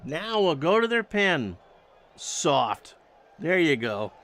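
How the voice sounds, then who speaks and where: Slow, higher-voiced male baseball announcer. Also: big pitch swings, fairly bright tone. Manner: stat-heavy calls with wry joking asides. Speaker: play-by-play announcer. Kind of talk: baseball play-by-play commentary.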